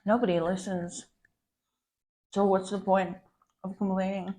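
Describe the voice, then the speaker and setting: A woman's voice: mid-range voice, flat delivery, a little slow, warm tone. A woman content creator venting in a POV girlfriend role-play, swearing often and calling the listener babe. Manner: profane, ranting, calls the listener babe.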